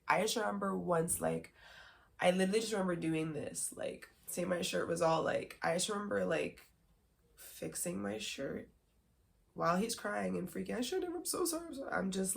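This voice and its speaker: A woman podcast host speaking candidly in a lowish voice with a gravelly edge. She rambles, leans on filler words and breaks into nervous laughs. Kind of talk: candid personal storytelling.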